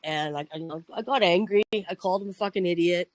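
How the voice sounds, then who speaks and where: Man, casual storytelling, rambling, restarts, swearing, slightly high voice, dry recording. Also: fast, no echo, low-quality recording. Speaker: podcast host.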